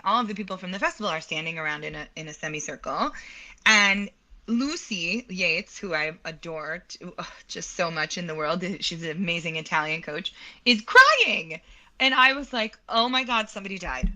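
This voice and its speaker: A woman opera soprano telling a story in an interview, animated and quick to laugh, acting out the voices of the people in it. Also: medium pitch, poor audio. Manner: animated, laughs often, acts out quoted dialogue.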